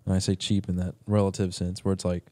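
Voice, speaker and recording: A man's voice: deep voice, level tone, fast talker, a little mellow, no echo, studio quality. A man co-hosting a podcast in casual, laid-back banter. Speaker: podcast co-host. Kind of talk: casual chat.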